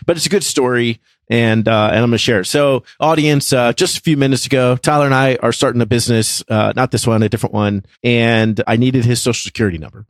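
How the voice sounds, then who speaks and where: A man in his thirties hosting a faith podcast, telling a story in a lively, laughing way. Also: medium pitch, fast, hardly any pauses, no echo, studio quality. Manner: animated, laughs through his own story. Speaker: podcast co-host. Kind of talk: casual storytelling chat.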